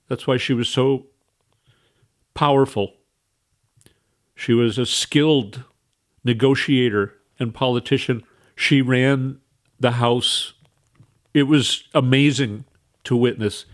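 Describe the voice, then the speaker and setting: A tearful man speaks into the mic as a radio host. His voice is of middle pitch, and he keeps stopping and restarting as he gets weepy. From Minnesota. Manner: halting, emotional, with restarts. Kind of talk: emotional radio monologue.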